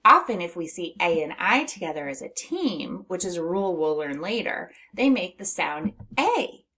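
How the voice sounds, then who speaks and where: A middle-aged woman teaching a phonics lesson to young children, patient and encouraging, stretching words out slowly and laughing lightly between steps. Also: fairly low pitch, expressive, bright, forceful tone.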